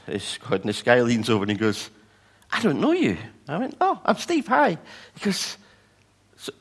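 Vicar guy, lowish voice, chatty sermon stories, does little voices for people. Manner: storytelling, animated voices for quoted people. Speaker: pastor.

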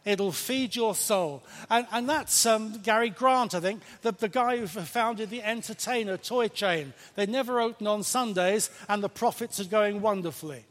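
A man preaching a sermon in a church, lively and playful, with emphatic points and questions to the congregation. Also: sits high, moderate pace, few pauses. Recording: reverberant church hall.

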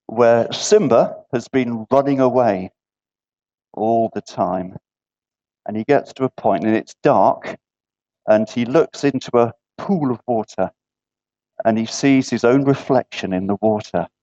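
A man's voice: mid-range voice, warm tone. A man preaching an interactive sermon in a church gathering. He keeps asking the listeners questions and checks in with repeated "yeah". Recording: dull lo-fi recording.

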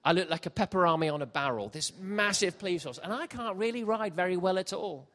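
A middle-aged man preaching a sermon, jokey and animated, shifting from quiet asides to loud shouts. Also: high voice, fairly quick. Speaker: pastor. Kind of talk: sermon with comic storytelling. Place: church hall with congregation.

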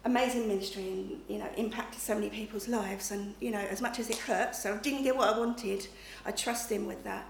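A woman's voice: mid-range voice, fairly even intonation, brisk, gravelly, hardly any pauses. A middle-aged woman giving a conversational sermon, often checking in with her listeners. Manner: chatty, checks in with listeners with "okay?" and "you know". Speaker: preacher. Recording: echoey room, faint background noise.

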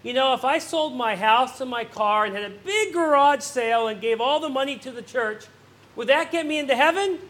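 A woman's voice: sits high, lively intonation, normal speed, a bit bright. A man doing an eager Sunday school teacher. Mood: coaxing.

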